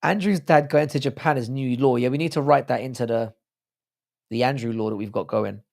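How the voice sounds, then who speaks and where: A British man hosts a livestream, bantering crudely and joking with his viewers. His voice is hoarse from a sore throat and has a gravelly rasp. It sits at an ordinary middle pitch. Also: a little fast, a little mellow. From United Kingdom. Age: adult with a child. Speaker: livestream host. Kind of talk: casual livestream chat reading out viewer comments.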